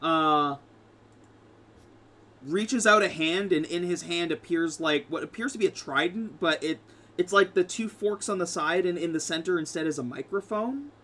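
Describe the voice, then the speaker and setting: A man's voice: fairly high pitch, moderate pace, pushed and bright. A man narrating as game master in a casual, rambling way with frequent fillers and restarts.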